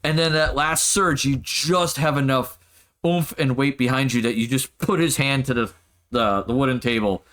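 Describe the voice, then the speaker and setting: A man narrating as game master of a tabletop game, laughing often and getting excited. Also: medium pitch, normal speed.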